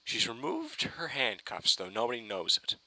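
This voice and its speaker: Man, rambling excitable fan rant, gravelly edge, lively up-and-down delivery. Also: mid-range voice, normal speed, no room sound, rough recording. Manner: excitable, rambling, swears, frequent restarts. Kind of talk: casual fan review rant.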